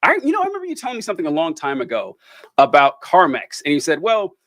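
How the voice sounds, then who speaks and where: A man hosting a casual chat, telling animated stories and laughing often. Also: on the high side, fast talker, dry recording. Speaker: host.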